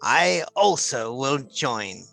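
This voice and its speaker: A man playing a gravelly old healer, brusque and commanding, his voice swooping widely between high and low as he barks at a young man. The voice is bright, with a dry, close sound. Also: very animated, slow, dry recording, faint music behind, full character voice.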